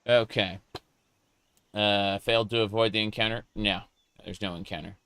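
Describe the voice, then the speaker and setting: A man chats his way through a game stream, playful and joking as he reads chat aloud. His voice is low and clear, and he takes his time. The sound is dry and close. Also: fairly even intonation, normal speed, fairly bright tone, no echo. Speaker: gaming streamer. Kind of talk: casual live gameplay commentary.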